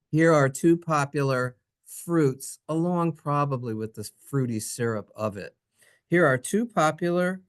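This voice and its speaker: A teacher giving a playful, jokey Hebrew lesson over slides, in an animated, singsong voice. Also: mid-range voice.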